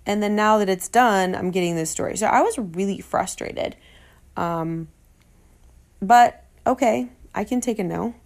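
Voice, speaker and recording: A woman, a fitness trainer, telling a personal story in an animated way and acting out the dialogue she quotes. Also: unhurried, gravelly. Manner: animated, acts out quoted dialogue with sarcastic jumps in pitch.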